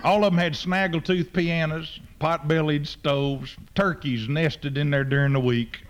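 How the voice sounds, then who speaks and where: A man, a preacher telling a humorous story with folksy, deadpan exaggeration. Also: on the high side, unhurried, smooth.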